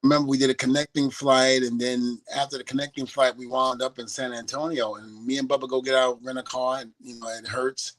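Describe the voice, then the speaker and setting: Animated guest telling a story. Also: male voice, mid-range voice, brisk, hardly any pauses. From New York. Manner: animated storyteller who acts out the voices of the people in his story. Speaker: guest, former wrestler. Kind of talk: storytelling in an interview.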